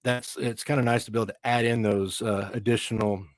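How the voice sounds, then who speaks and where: A man's voice: lowish voice, steady tone, a little fast, no room sound. A man from Texas with a Texan twang, a guest in a casual interview, telling stories in an easygoing way with chatty asides. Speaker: guest, veteran and author.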